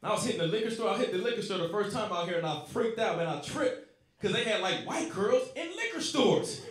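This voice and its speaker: A man's voice: high-pitched, expressive, fast talker. A man from Los Angeles, telling profane, rowdy stories in a stand-up set. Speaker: stand-up comedian. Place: comedy club stage. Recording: echoey club with crowd laughter. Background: audience laughing.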